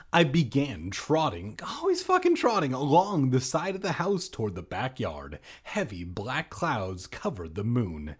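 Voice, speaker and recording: A man reads a spooky children's book aloud and keeps breaking off to mock it with sarcastic asides. His voice is a bit husky, and his pitch rises and falls in a lively, animated way. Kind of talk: comedic read-aloud with commentary.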